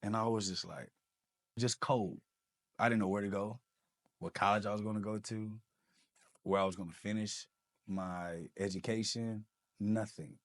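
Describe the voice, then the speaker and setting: A man with a fairly low voice sits as a podcast guest and recounts his own life story. He tells it with lots of energy and jumps into the voices of the people he quotes. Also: normal speed, pauses often. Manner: animated, acts out quoted dialogue. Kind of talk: personal storytelling.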